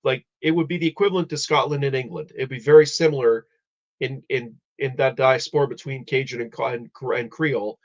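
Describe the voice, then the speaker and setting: This live-stream host chats casually about history, wandering and frequently starting over. He speaks fairly quickly at a medium pitch, captured in dull, lo-fi sound.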